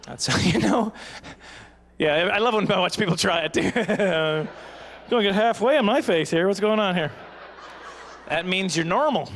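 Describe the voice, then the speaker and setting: Self-mocking comic, raised voice. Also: male voice, high voice, lively intonation, unhurried, fairly bright tone. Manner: self-deprecating, rambling, chuckling. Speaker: stand-up comedian. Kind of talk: stand-up comedy. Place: live banquet stage.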